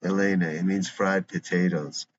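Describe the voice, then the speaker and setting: Wry, unimpressed grandma, read by a man, very deep, dull sound. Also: steady tone, normal speed. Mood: dry. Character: dry, wry grandmother, older woman. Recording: dull lo-fi recording with faint hiss.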